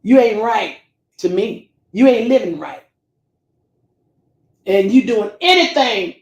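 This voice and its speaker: A woman's voice: on the high side, roomy sound. A woman talking straight to her camera viewers, scolding and preaching, calling them baby and family. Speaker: YouTube commentator. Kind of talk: direct-to-camera rant.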